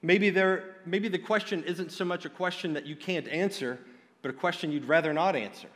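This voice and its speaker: A man's voice: on the high side, normal speed, a bit bright, in a large hall. A man preaching a sermon in an earnest, direct way, often restarting his phrases.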